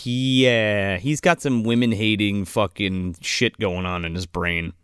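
A man's voice: lowish voice, fairly even intonation, slow, a bit bright, clean tone, dry recording, clean studio sound. A man co-hosting a casual movie podcast, rambling and swearing freely, often laughing mid-sentence. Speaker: podcast co-host.

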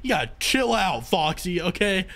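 A young man giving lively commentary on a horror game from home, swearing and screaming when scared. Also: high voice, moderate pace. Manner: jumpy, swearing, screams in fright. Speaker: gaming YouTuber. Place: home room with his dog nearby.

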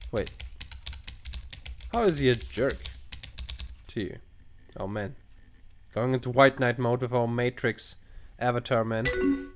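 A man talks through a game at home in a steady, mid-pitched voice, thinking out loud over each choice. He swears freely and wavers between options as he reads them aloud. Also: takes it slowly, pauses often, slight background noise. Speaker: let's player. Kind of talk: casual gameplay commentary.

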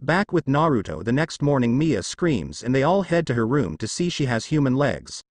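A man narrating a fanfiction story aloud. His voice is mid-pitched and moves lively up and down. The recording is close and dry. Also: moderate pace, no echo. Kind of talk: fanfiction reading.

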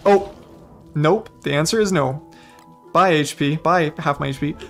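A man with a high voice streams a video game, chatting casually and playfully. He laughs often and breaks into bursts of exclamation, with faint music underneath. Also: a little slow, a bit bright. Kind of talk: casual gameplay commentary.

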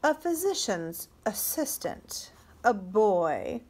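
A woman's voice: medium pitch, slow, breathy edge, exaggerated voice. A woman reading a cool, probing king. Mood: pressing. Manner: flat, toneless, quietly probing. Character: shrewd, indifferent middle-aged male king. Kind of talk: storybook reading.

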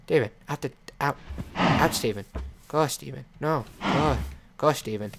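A man's voice: mid-range voice, unhurried, vocal fry. Male let's play host, playful commentary, chides his pet; audible background noise and clicks. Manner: playful, scolds and chats to his in-game animal. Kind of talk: gameplay commentary.

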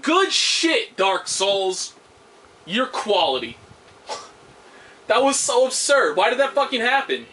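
A man commentating on his own gameplay, swearing loudly at the game and making sarcastic remarks. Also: high voice, sing-song, takes it slowly, long pauses, a little hiss or hum. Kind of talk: let's play commentary.

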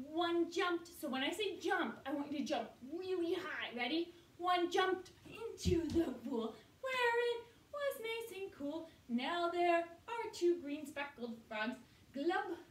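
Very high, slow-speaking young woman teaching toddlers' yoga in an encouraging, sing-song way, recorded from a distance in a roomy space. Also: animated. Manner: cheerful, encouraging, sings short chants. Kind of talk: sing-song children's yoga story time. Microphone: online video from a camera at a distance. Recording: echoey room, voice from far off.

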